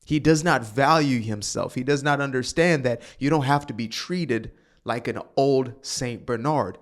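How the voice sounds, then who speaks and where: A man's voice: mid-range voice, measured pace. A man hosting a casual reaction commentary, talking straight to his viewers with sighs and sudden bursts. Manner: animated, sighing, talks to viewers directly. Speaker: commentary channel host.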